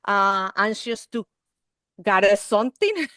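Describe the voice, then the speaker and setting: Speaking slowly and expressively at a medium pitch, a woman delivers a training webinar for early-learning teachers via video call. Her tone is bright and forceful, and her non-native English is full of check-ins like "okay?" and "you see." The studio-quality audio has no echo.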